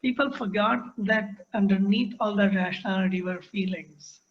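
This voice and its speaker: A man's voice: high-pitched, moderate pace, slight background noise. A man hosting an interview, reflective and earnest in conversation. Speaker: interview host. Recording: dull lo-fi sound.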